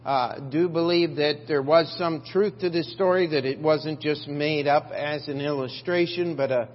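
An older man preaching a sermon as pastor, halting, with frequent fillers and restarts. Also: fairly high pitch. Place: church sanctuary. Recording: dull lo-fi church recording with long reverb and faint hum.

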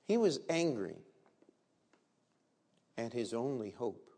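A man's voice: mid-range voice, big pitch swings, slow pace, warm tone. A man preaching a sermon as a pastor, telling the story vividly and asking the congregation rhetorical questions. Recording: long reverb in a large hall.

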